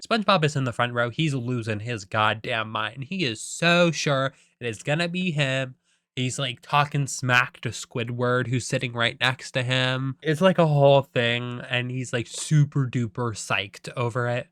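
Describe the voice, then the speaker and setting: Rambling young man, bright voice. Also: medium pitch, no room sound, studio quality. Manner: rambling, full of "like", self-deprecating, swears. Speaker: vlogger. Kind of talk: casual rambling retelling.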